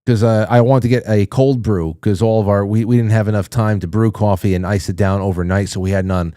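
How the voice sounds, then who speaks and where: A man's voice: fairly low pitch, fairly even intonation, a little fast, warm tone, clean tone, dry recording, studio quality. A middle-aged man hosting a talk show, chatting loosely and profanely, joking and reading listener comments. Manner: loose, profane, joking, mock-prim voices.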